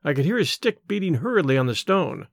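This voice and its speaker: A man narrating an audiobook in a measured, expressive way. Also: a little high, no room sound, clean studio sound.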